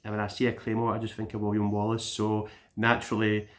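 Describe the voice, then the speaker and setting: A man's voice: fairly low pitch, completely flat delivery, quick pace. A Scottish man giving a casual vlog update, rambling, with repeated words and restarts. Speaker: gaming YouTuber.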